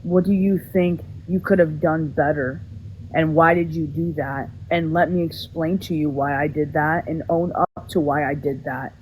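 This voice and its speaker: A man's voice: on the high side, fairly even intonation, normal speed, slight background noise, rough recording. A man talking on his own livestream, rambling and repeating himself as he speaks about taking accountability, earnest and defensive. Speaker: livestream host. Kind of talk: livestream apology talk.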